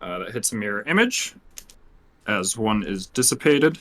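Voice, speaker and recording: Bright, animated male game master, tabletop narration. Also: fairly low pitch. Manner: animated storytelling, quick laughing asides. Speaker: dungeon master.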